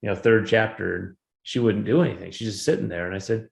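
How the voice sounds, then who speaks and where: A man with a low, gravelly voice gives a relaxed, conversational talk to a conference audience. He speaks like an educator sharing his classroom experience. The sound has a noticeable room echo. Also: fast. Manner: conversational, animated when retelling anecdotes. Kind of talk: conference presentation. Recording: roomy echo.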